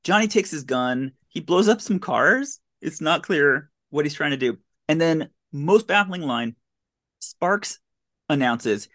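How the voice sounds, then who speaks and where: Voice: medium pitch, lively intonation, unhurried, a bit bright. Podcast host, mid-range voice: sarcastic, baffled play-by-play of a bad movie. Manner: incredulous, sarcastic running commentary. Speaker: podcast host recapping a film. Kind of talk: casual comedic movie recap.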